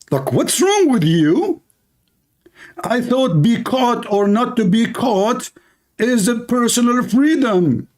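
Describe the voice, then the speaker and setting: High-voiced taunting male streamer. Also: sing-song, extremely slow, pauses often, a little mellow. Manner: taunting, insulting, non-native grammar. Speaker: online debate streamer. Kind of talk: mocking live commentary.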